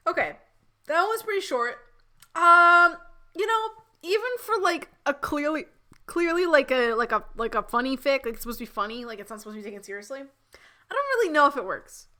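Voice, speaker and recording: A woman streamer riffing through a live fan-fiction read in a rambling, giggly, incredulous way. Her voice sits fairly high and sounds bright and sharp. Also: expressive, brisk.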